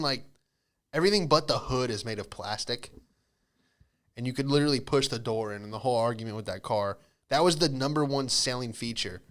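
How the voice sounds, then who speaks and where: A man's voice: mid-range voice, a bit bright. A man hosting a podcast, telling loose comedic stories with frequent swearing and self-interruptions. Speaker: podcast host. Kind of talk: rambling comedic storytelling.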